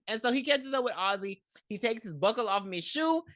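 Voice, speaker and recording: Woman podcast co-host, animated and profane, bright voice. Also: a little high, fairly quick, dry recording, clean studio sound. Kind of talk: casual movie review chat.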